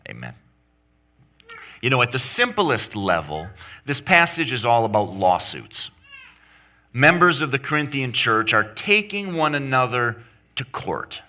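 A man preaching a sermon to his church, animated and emphatic, with rising outbursts of emphasis. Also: on the low side. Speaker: pastor.

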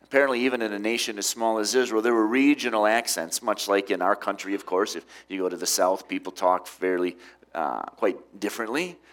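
A middle-aged man preaching a sermon, with emphatic rises and quiet drops. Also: on the low side, fairly quick. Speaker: pastor.

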